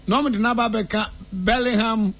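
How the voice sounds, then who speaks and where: Ghanaian man, comic seer act, high lively voice with gravelly fry, mock-solemn then jokey, faint music behind. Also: normal speed. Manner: mock-solemn pronouncements mixed with loose joking. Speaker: comic self-styled seer. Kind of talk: comedic prophecy skit.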